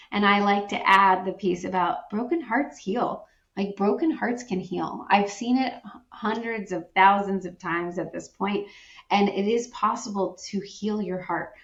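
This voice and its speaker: A woman speaks earnestly and reflectively as a podcast guest, and now and then she acts out the reactions of the people she quotes. Her voice has an average pitch. The room around her is roomy and echoey, and the sound is slightly dull and muffled. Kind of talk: podcast conversation.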